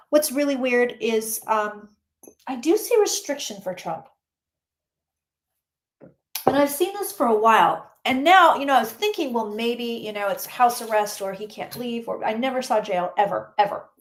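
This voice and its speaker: A chatty psychic with a fairly high, lively voice reads tarot cards on a live stream, fielding questions from her chat at a moderate pace. She keeps it casual and exclaims freely as she goes.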